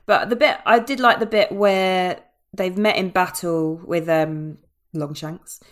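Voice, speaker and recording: A woman co-hosting a casual film chat, blunt and quick to laugh. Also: on the low side, fairly even intonation. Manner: blunt, swears, laughs often. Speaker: podcast co-host.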